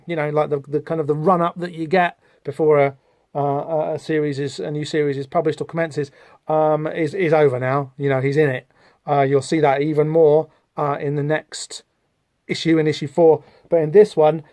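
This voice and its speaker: A man's voice: fairly high pitch, a little mellow, no echo, studio quality. A man hosting a comic book discussion podcast, thoughtful and digressive, with frequent ums and uhs. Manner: thoughtful, digressive, many fillers. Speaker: podcast host.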